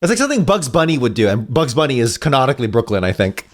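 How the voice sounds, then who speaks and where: A man's voice: mid-range voice, very animated, very fast. A man co-hosting a casual podcast, reading a comic aloud and joking around in a laid-back way.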